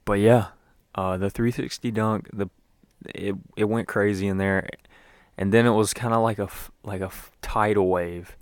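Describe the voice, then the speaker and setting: Low-voiced man rambling about basketball. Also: clear, resonant tone, dry recording, studio quality. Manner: rambling, loose, lots of fillers. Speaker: podcast host. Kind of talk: casual sports podcast talk.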